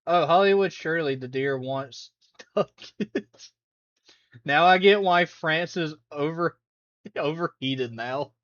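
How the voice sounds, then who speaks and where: A man's voice: a little high, slow, fairly bright tone, muffled recording. A man chatting casually on a live stream while reacting to videos, rambling, laughing and humming along.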